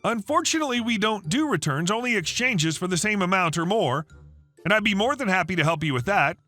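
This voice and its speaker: Man playing a female shop assistant manager, calm, polite, dryly ironic, bright tone. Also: high voice, fairly quick, soft background music.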